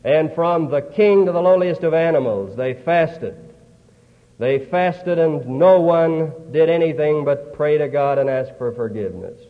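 A man preaching a sermon, retelling scripture slowly and earnestly with dramatic pauses. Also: a little high, lively intonation. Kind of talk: storytelling sermon. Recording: tinny, hollow old hall recording.

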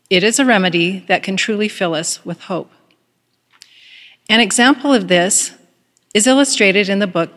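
A woman giving a calm, earnest devotional talk at the start of a semester and reading a story aloud. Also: mid-range voice, in a large hall. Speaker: devotional speaker.

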